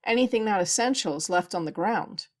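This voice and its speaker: A woman's voice: mid-range voice, animated, a little fast, natural voice. A woman reading the lines of a tense male space station doctor, speaking in clipped, pressured sentences.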